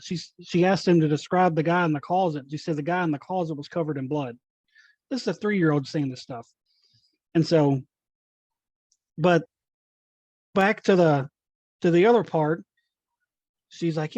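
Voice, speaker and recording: A man's voice: on the high side, normal speed, long pauses, no echo. A man telling ghost stories as an interview guest, acting out quoted dialogue. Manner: animated, acts out quoted dialogue. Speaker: paranormal investigator guest. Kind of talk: casual storytelling. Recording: dull dry sound.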